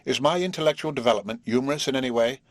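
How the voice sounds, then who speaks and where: A man's voice: medium pitch, very fast, no echo, voice pushed up, natural voice. A man reading a prim, lecturing young prodigy. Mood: indignant. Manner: formal, lecturing, indignant. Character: earnest, prim young male intellectual prodigy.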